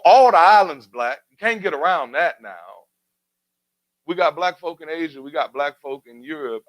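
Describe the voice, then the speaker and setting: A man hosts a community talk radio show, delivering commentary in a preacherly style with rhetorical questions and building, emphatic refrains. His voice is fairly high and fairly bright, with no echo, though the audio is poor.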